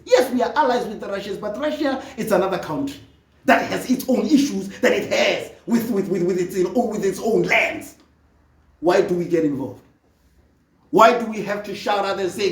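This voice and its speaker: A speaker from Africa, delivering an impassioned political monologue that often rises to a shout. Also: medium pitch, a little slow, pauses often, roomy sound, far from the mic. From South Africa. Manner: fervent, often rising to a shout.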